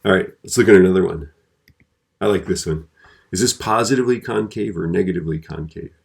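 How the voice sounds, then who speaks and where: A man's voice: deep voice, quick pace, vocal fry, husky. A man teaching a physics video lesson in a conversational way, often checking in with the listener.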